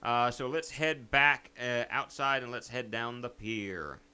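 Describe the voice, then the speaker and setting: A man's voice: medium pitch, a little slow, bright, forceful tone, clear, resonant tone. A man hosting a let's play, chatting casually and reading game text aloud in a playful, self-mocking way. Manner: playful, self-mocking, breaks into silly songs.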